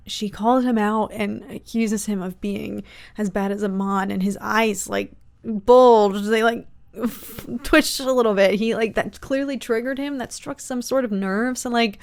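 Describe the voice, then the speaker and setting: A woman hosting a reaction video, talking casually with excited exclamations and frequent stammered restarts. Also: fairly high pitch, moderate pace.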